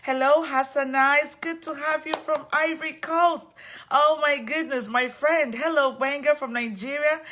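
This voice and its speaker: A woman's voice: high voice, fairly even intonation, moderate pace, a bit bright, slight background noise. A woman hosting a live online talk, effusive and upbeat, greeting viewers by name and welcoming them in. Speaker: host of an online civility series.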